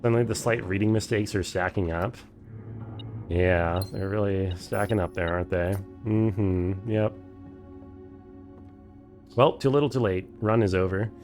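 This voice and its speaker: Low raspy-fry dude streaming a game, thinking out loud, cussing and talking to chat. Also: male voice, measured pace, long pauses, faint music behind. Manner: thinks aloud, swears freely, chats with viewers. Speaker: streamer playing a game for the first time. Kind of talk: casual live-stream commentary.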